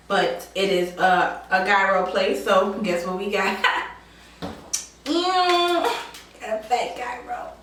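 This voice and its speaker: Woman mukbang host, slow, chatty and laughing, recorded far from the mic in a roomy space. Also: on the high side, background noise. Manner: chatty, laughing, southern-style drawl words like y'all. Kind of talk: casual mukbang chat. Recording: echoey room from far off mic.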